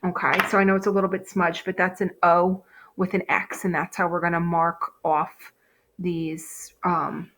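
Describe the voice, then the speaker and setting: A woman's voice: lowish voice, level tone, moderate pace, fairly bright tone, slight background noise. Woman, teacher, phonics lesson, patient step-by-step explaining, fillers and check-ins. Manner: patient, explains step by step, frequent okays and ums.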